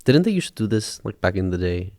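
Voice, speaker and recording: A man co-hosting a podcast in casual chat, laid-back and quick with short replies and laughs. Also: deep voice, sing-song, mellow, no echo, studio quality. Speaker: podcast co-host.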